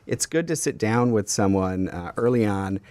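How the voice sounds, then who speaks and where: A man's voice: fairly low pitch, lively intonation, moderate pace, a little mellow, no room sound. A man, a real estate broker, telling client stories in a casual radio talk with studio mics. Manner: storytelling, quotes clients.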